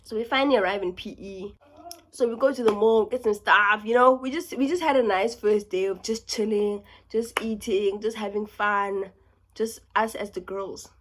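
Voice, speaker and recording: A young woman from South Africa with a South African accent, telling a story in a casual vlog, talking fast and animated and dropping into whispers. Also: mid-range voice. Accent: South African English. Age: young adult. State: sick. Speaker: YouTuber.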